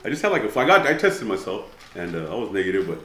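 A man's voice: low voice, big pitch swings, rapid-fire, a crowd in the background. A man in casual conversation, easygoing, tacking "man" and "dude" onto his sentences. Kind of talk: casual chat. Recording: echoey room, faint ambience.

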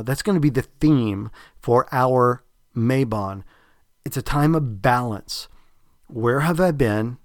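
A man's voice: mid-range voice, no echo, studio quality. A man with a Southern US accent hosting a podcast, talking in a rambling, reflective way with many fillers and restarts. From American South. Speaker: podcast host. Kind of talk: casual spiritual podcast talk.

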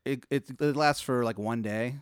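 Deadpan man narrating an improv story. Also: medium pitch, moderate pace, clear, resonant tone, dry recording, studio quality. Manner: deadpan, rambling, many fillers. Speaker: podcast host.

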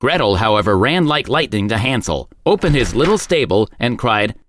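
Expressive male storybook narrator. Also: medium pitch, normal speed, slight background noise. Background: background music.

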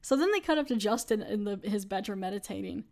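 A woman's voice: mid-range voice, expressive, fast talker, a little mellow. Chatty woman podcast host. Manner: chatty, laughing, lots of "like". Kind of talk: casual episode recap.

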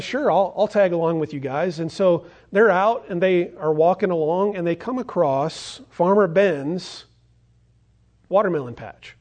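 A man's voice: a little high, darkish tone. A male pastor preaching a sermon in an earnest storytelling manner, streamed online.

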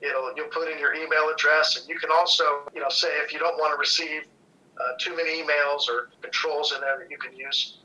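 A man who runs a brewery, chatting casually on a company podcast, relaxed and halting with fillers. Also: fairly high pitch. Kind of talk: casual chat. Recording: dull lo-fi sound.

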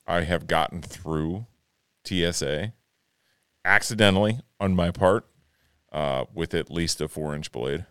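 A man's voice: deep voice, a little slow, fairly bright tone, clear, resonant tone, no room sound, studio quality. A man co-hosting a podcast in casual chat, laid-back and drily amused, swearing now and then. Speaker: podcast co-host.

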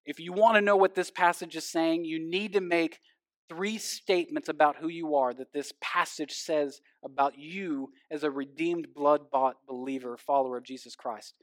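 A male pastor giving a sermon, swinging from loud emphasis down to hushed, intense passages. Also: fairly high pitch, steady tone, moderate pace, no room sound, clean studio sound.

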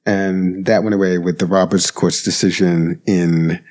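Podcast host, deep voice, slow, halting delivery with lots of ums. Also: male voice, steady tone, a little mellow. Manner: hesitant, lots of fillers and restarts. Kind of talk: casual political reflection.

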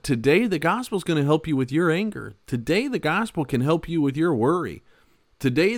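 A man who is a pastor and podcast host, giving a conversational Bible teaching in an emphatic way, repeating his key words and swinging between loud and soft. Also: on the high side, no room sound, clean studio sound.

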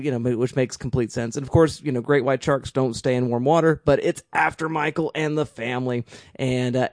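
A man's voice: medium pitch, darkish tone, dry recording. A man talking with plenty of enthusiasm, stumbling and restarting as he piles up his thoughts. The sound is close and dry, with no room around it. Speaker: podcast co-host. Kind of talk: casual chat.

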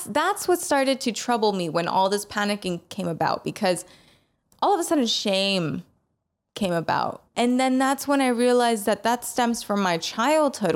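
A woman sharing a personal story in an earnest, emotional way, often restarting her sentences and laughing softly between thoughts. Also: medium pitch.

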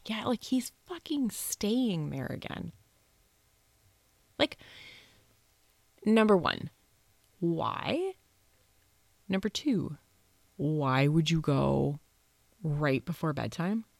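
Woman host, low fry-heavy voice, animated casual spooky storytelling. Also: very slow, pauses often, dry recording. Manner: animated, swears freely, acts out quoted voices. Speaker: podcast host telling a ghost story.

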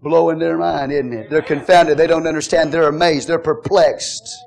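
High-voiced fervent preacher man. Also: fairly even intonation, moderate pace, gravelly. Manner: fervent preaching with call-and-response, shouting at peaks. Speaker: pastor. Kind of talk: sermon.

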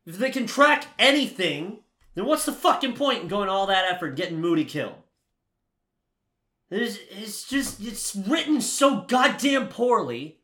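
A man co-hosting a casual movie review podcast, ranting with lots of swearing, swinging from heated shouting to low muttering. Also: big pitch swings, unhurried. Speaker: podcast co-host.

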